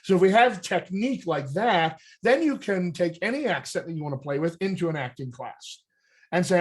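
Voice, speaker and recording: A man from the United States who coaches voice and dialect, explaining accent technique in an energetic, conversational way and checking in with "all right?". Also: high-pitched, normal speed. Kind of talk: coaching talk on a group call.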